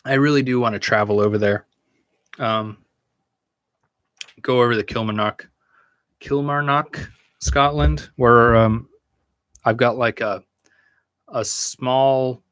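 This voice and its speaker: A young man hosting a podcast, answering chat questions in a rambling, halting, profane way and laughing often. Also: on the low side, fairly even intonation, a bit bright, smooth, dry recording. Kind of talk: casual live Q&A chat.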